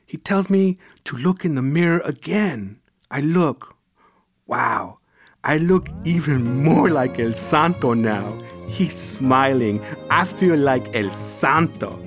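A man reading his own first-person story aloud with an unhurried, intimate and expressive delivery. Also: mid-range voice. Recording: music playing behind the voice.

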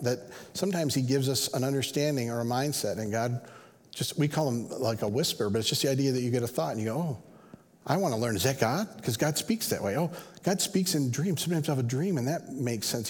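Man, middle-aged pastor, conversational sermon, earnest, long church-hall reverb. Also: medium pitch. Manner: conversational, earnest, acts out quoted voices.

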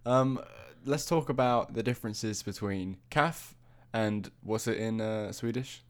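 A man's voice: lowish voice, a little slow, few pauses. A young British man co-hosting a podcast in casual chat, rambling and hesitant. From Britain. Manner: rambling, hesitant, easily amused. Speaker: podcast co-host.

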